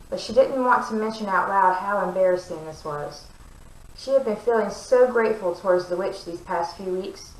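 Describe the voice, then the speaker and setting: A woman reading a romantic fantasy novel aloud, with clear, expressive narration. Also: medium pitch, roomy sound, recorded from a distance, poor audio. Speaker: book reader.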